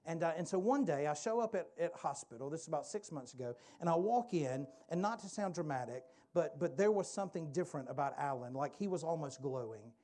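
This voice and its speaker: A man preaching, telling a personal story in a conversational, animated way that softens into hushed prayer. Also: fairly high pitch, a little fast, hardly any pauses. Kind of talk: sermon storytelling.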